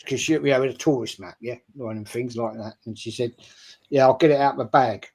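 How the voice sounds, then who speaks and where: Speaking briskly in a husky, darkish, medium-pitched voice with a steady tone, an older Englishman appears as a stream guest on a video call. He relates a casual anecdote full of swearing, performing the voices of those he quotes.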